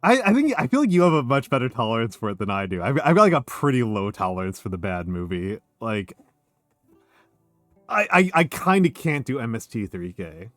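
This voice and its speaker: A man ranting casually on a stream, sardonic and quick to swear, often breaking into laughter. His voice sits in a middle pitch and sounds close and dry. Soft music plays faintly underneath. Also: very animated, dry recording. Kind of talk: casual chat.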